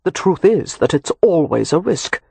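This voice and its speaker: A man's voice: on the high side, sing-song, moderate pace, creaky, darkish tone, husky, no room sound, exaggerated voice. A man voicing a weary sardonic Romany man. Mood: tense. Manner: dry sarcasm, earnest when tender.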